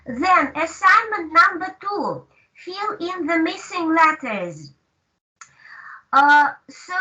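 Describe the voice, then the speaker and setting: A woman teaching an online language lesson, speaking slowly and patiently with many hesitations over a video call. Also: high-pitched, sharp tone. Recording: distant dull call audio.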